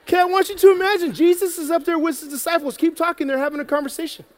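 A children's preacher, a man with a very high voice, tells a Bible story to kids in a church hall with an audience, and the sound carries like a big room. He talks rapid-fire, energetic and playful, acting the story out until he's out of breath.

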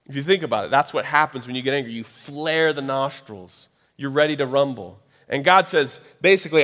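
Speaking a little fast with hardly any pauses, a male pastor preaches a casual, conversational sermon in a medium-pitched, somewhat bright voice. He voices the people he quotes and keeps saying "right?"; long hall reverb surrounds him.

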